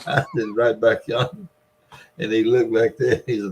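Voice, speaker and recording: Low-voiced man spinning yarns. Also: normal speed, rough recording. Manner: laughs often, drawling folksy yarn-spinning. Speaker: storyteller, former store owner. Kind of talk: casual storytelling.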